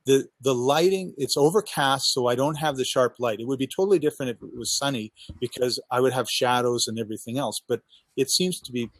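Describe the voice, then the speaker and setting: A man coaching on podcasting in a casual chat over a headset mic, talking with lively enthusiasm and acting out his own thoughts. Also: mid-range voice, brisk, no echo. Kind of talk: casual video call chat. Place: outdoors on a backyard balcony.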